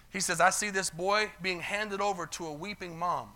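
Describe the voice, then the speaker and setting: Man, pastor, sermon storytelling, high voice, bright tone, calls for amens. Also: steady tone, moderate pace. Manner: retells stories in quoted voices, calls for amens. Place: church sanctuary.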